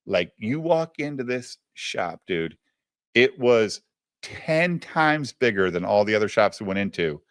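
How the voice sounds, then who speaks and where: A man tells a story in a loose, chatty way, swearing freely and turning to his listener as he talks. His voice sits fairly low. It is recorded close and dry, with no room sound. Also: unhurried, no echo. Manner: profane, animated, addresses the listener directly. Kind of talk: casual storytelling.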